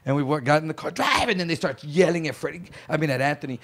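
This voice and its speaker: A man with a gravelly, rough-edged voice tells a story in casual podcast talk. He slips into the voices of the people in it as he goes. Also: fairly high pitch, fast talker. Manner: animated storyteller acting out others' voices. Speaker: podcast guest.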